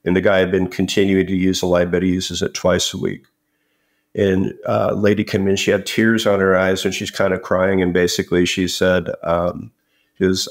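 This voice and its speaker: A man's voice: low-pitched, completely flat delivery, normal speed. A man as an interview guest, telling stories casually and often repeating words. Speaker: company founder guest. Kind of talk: conversational interview.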